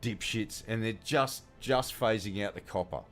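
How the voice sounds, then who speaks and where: A man's voice: fairly low pitch, a little slow, music in the background. A man with an Australian accent giving casual, profane, ranting commentary while streaming a game.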